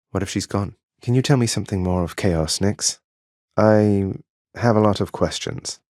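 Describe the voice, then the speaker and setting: An actor playing an earnest, wry young prince of the underworld in a video game, polite with dry teasing, recorded in a studio booth. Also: male voice, low voice, a little mellow, no room sound.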